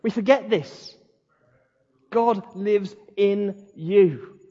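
Passionate high-voiced man preaching in a hall. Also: mellow, breathy edge. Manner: passionate, emphatic preaching with dramatic pauses. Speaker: pastor. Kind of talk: sermon. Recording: dull sound in a hall with long reverb.

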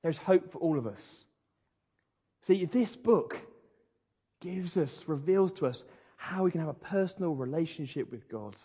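A man's voice: fairly high pitch, animated, a little slow, long pauses, warm tone, breathy edge. A man preaching as a Baptist pastor, earnest and conversational. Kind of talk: sermon. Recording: dull lo-fi sound in a reverberant hall.

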